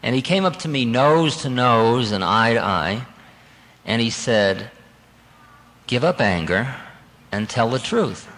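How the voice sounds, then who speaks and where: Animated man telling a spiritual story. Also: mid-range voice, slow pace, long pauses, big-room sound, low-quality recording. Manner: animated, conversational, laughs at himself. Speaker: spiritual teacher.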